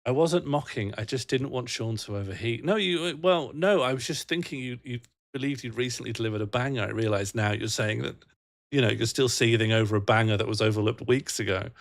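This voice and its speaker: A young man with a mid-range voice and vocal fry speaks a little fast during a casual livestream chat. He rambles playfully, laughs often, and reads out messages from chat.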